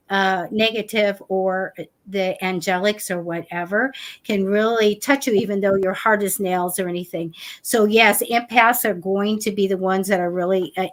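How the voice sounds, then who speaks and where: A woman hosting a live psychic talk show, chatting casually and acting out what people said. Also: mid-range voice. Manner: animated, chatty, acts out quotes.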